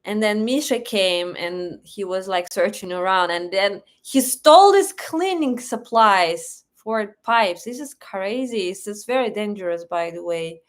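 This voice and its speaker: A woman's voice: medium pitch, animated, a little slow, hardly any pauses. A young woman from Russia with a Russian accent, hosting a casual live stream from home, chatting and reading comments with frequent laughs and fillers. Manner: chatty, laughs often, thinks aloud with fillers. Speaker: livestream host. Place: home in Moscow.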